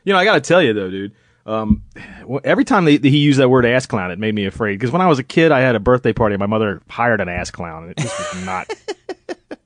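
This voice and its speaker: A man with a lively, bouncy voice co-hosting a podcast, chatting casually and cracking wry jokes. The sound is dry and close. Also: mid-range voice, fast talker, dry recording. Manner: joking, wry commentary. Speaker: podcast co-host. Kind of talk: casual chat.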